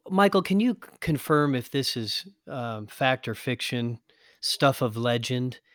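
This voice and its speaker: A man's voice: mid-range voice, animated, a little slow, fairly bright tone, no room sound, clean studio sound. A man hosting an interview, engaged and encouraging, asking follow-up questions. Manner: engaged, prompting, affirming. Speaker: host. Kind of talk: interview conversation.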